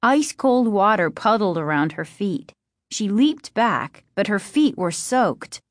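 A woman narrates a storybook in a slow, deliberate, suspenseful way. Her pitch sits in the middle and she takes her time. The recording is dry and close. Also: sing-song, dry recording. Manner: measured, suspenseful reading.

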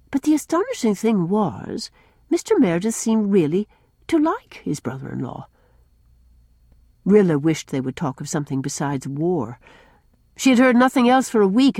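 A woman reading a novel aloud as narrator, in an expressive storybook manner. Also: mid-range voice, breathy edge, dry recording, clean studio sound. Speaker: audiobook narrator. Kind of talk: scripted narration.

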